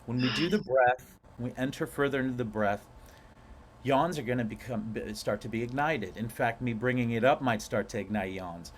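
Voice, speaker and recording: Male breathwork instructor, mid-pitched, animated and playful, slow emphatic stresses, faint background noise. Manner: animated, playful, drawn-out emphatic words with laughs. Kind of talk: guided breathwork class.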